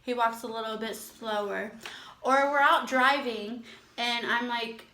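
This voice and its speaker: A woman's voice: fairly high pitch, fairly even intonation, measured pace, bright, forceful tone, roomy sound. A woman hosting an eating show, chatting casually and teasing her husband, exclaiming as she talks. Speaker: mukbang host. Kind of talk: casual chat.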